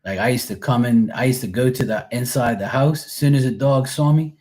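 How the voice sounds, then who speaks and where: A middle-aged live-stream host talks briskly in a mid-range, darkish voice. He chats casually, wandering through stories and acting out the people he quotes.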